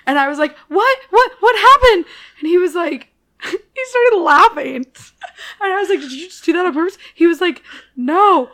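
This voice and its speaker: A woman's voice: very high-pitched, normal speed. A young woman co-hosting a podcast, chatting casually and acting out the people in her stories, laughing often. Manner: animated storyteller, acts out quotes, laughs often. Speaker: podcast co-host. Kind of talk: casual chat.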